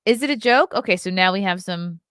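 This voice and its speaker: A woman's voice: medium pitch, lively intonation, a little fast, fairly bright tone, smooth, no echo, studio quality. A woman hosting a casual morning livestream, chatting loosely with her viewers and yawning now and then. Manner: chatty, keeps yawning and laughing. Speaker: podcast host.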